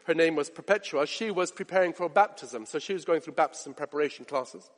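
Male preacher, impassioned sermon, high pitch, swings from loud to hushed, hall reverb. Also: fairly quick. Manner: passionate, direct questions to listeners, swings from loud to hushed.

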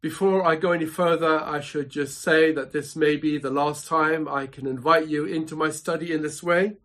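A man preaching a sermon from his home study, measured and emphatic, building points through dramatic repetition. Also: a little high, steady tone, a bit bright. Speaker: pastor.

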